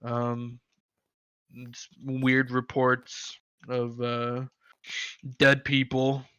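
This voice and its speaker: A man's voice: medium pitch, monotone, drawn-out words, fairly bright tone, clean tone, no echo, dull audio. A man voicing a local male dwarf who passes on rumors in a rambling, hesitant way.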